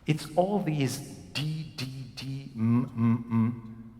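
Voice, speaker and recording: A man's voice: mid-range voice, slow, mellow. A man leading a singing masterclass as a voice coach. He talks animatedly and demonstrates phrases by speaking and singing them out. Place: concert hall. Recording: roomy hall with long reverb.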